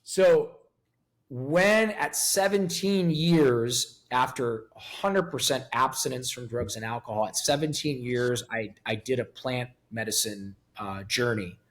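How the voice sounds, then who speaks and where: A man's voice: medium pitch, a little slow. A man in his fifties speaking as a guest in a candid interview, blunt, profane and emotionally raw. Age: 50s. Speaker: podcast guest.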